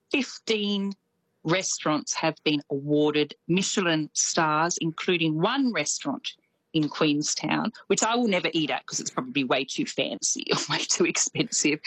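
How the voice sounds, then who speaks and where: A woman from Australia with a deep voice and a slight New Zealand lilt chats as a radio correspondent. She's animated and laughs easily, and the recording is rough with no room sound.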